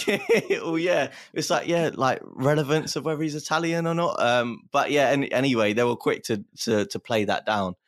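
A man co-hosting a podcast, asking questions and explaining a news story in an easygoing, measured way. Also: medium pitch, no room sound, studio quality. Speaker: podcast co-host. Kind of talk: casual chat.

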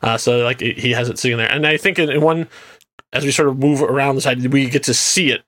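A man co-hosting a casual movie commentary chat, animated and laughing often, with lots of fillers. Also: medium pitch, fast. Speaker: podcast co-host.

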